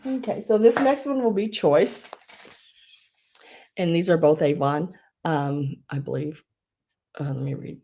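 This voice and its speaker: A woman's voice: deep voice, takes it slowly, pauses often, warm tone, husky. A woman hosting a live online sale, chatting casually, giggling often and restarting her sentences.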